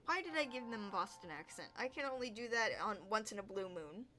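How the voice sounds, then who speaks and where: A woman reading a webcomic aloud and doing the voices, with an expressive delivery. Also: fairly high pitch, brisk. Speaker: comic reader.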